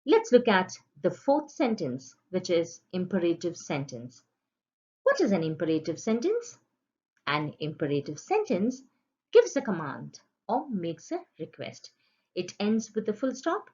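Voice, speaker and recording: A woman's voice: fairly low pitch, a little mellow. A woman teacher giving an online grammar lesson to children, in a patient, sing-song teaching voice. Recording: dull lo-fi sound.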